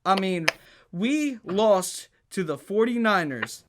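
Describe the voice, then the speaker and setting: A man's voice: high voice, very animated, slow pace. A man hosting a sports podcast, arguing heatedly, stammering and restarting, pressing home his points with rhetorical questions. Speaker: podcast host.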